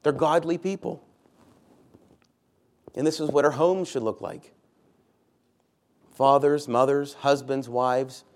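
A man's voice: medium pitch, fairly even intonation, slow pace, pauses often, a little mellow. A man, a pastor, preaching a sermon in a church, stressing key words by repeating them and putting questions to the congregation.

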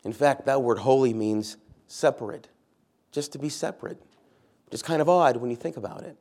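A man's voice: medium pitch, normal speed, a little mellow. Man preaching an emphatic sermon. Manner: emphatic, repeats key words, asks the congregation questions. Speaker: pastor.

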